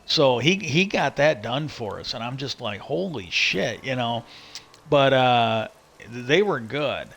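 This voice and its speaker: A man's voice: mid-range voice, sing-song, slow, vocal fry, a bit bright. A man casually telling a long story about his old job, rambling and quoting himself with "I go". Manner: rambling, restarts, quotes himself with "I go". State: a little lightheaded. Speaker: livestream host. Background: music.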